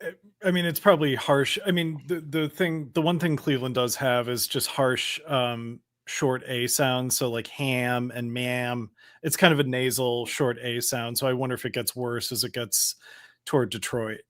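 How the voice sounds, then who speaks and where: A man chatting on a podcast with a medium-pitched voice. He talks in a thoughtful, measured way, pausing on fillers as he works through an idea. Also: fairly even intonation, fairly bright tone, no room sound, clean studio sound. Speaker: podcast co-host. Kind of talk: casual chat.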